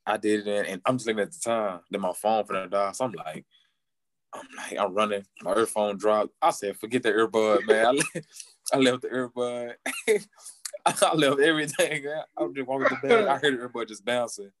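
A man, a football player telling a story in an interview and acting out quotes with big jumps in pitch, laughing often. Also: brisk, a bit bright, slight background noise.

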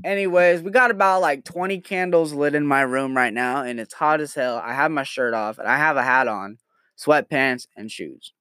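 A man's voice: medium pitch, normal speed, bright, forceful tone, clean tone, no room sound, clean studio sound. A nineteen-year-old man telling crude jokes and rambling on a casual comedy podcast from his bedroom. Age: late teens. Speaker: podcast host.

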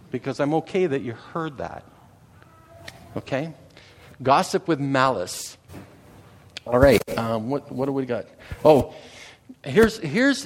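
A middle-aged Canadian man preaching a sermon in a conversational way. He often repeats words and checks in with the congregation. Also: a little high. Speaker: pastor.

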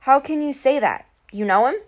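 A woman's voice: high voice, normal speed, lightly acted. A woman voicing a frustrated twelve-year-old boy who sounds whiny and indignant in an audiobook. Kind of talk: audiobook character voice.

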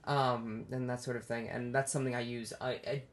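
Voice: mid-range voice, level tone, fairly quick, a little hiss or hum. A speaker in a casual chat, frank and chatty, swearing easily and laughing often.

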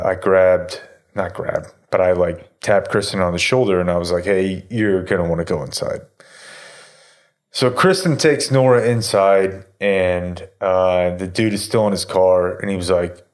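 A man's voice: low-pitched, fairly even intonation, measured pace. A man in his thirties telling a story in casual chat, rambling with lots of fillers and swearing. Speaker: podcast host telling a story.

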